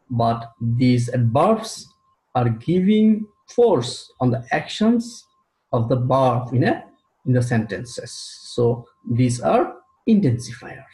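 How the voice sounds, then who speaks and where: A man teaching an English grammar lesson, speaking slowly and deliberately and repeating key terms for his students. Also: medium pitch, dark tone. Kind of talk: recorded classroom lecture. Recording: roomy echo.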